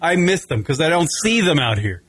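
A slightly high-voiced man from Long Island hosts a loose comedy radio show, full of swearing and rambling tangents. The sound is dry and close, with faint music under it. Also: a little fast, no echo. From Long Island, New York. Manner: profane, rambling, animated storytelling. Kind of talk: casual comedy radio chat.

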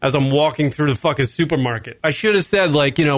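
A man co-hosting a comedy talk podcast, telling stories in a profane, animated way with lots of fillers. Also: a little high, fast talker, hardly any pauses, no echo. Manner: animated, swears constantly, frequent fillers. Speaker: podcast co-host.

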